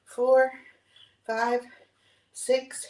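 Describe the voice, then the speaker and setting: A fitness vlog host in her 60s counts reps between breaths while streaming a live workout, breathless and upbeat with whoops. Her a little high, slightly mellow voice is flat in delivery and draws words out. The mic is distant and the room echoes.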